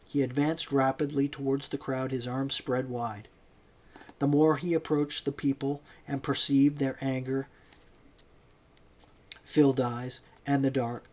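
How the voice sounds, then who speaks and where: A man narrating a novel as an audiobook, in a measured storytelling manner. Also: mid-range voice. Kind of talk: audiobook reading.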